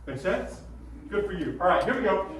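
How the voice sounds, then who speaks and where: A man with a bass-baritone voice teaching a middle school choir class, animated and demonstrative, often checking that the students follow. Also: moderate pace, slight background noise. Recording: echoey room, voice from far off.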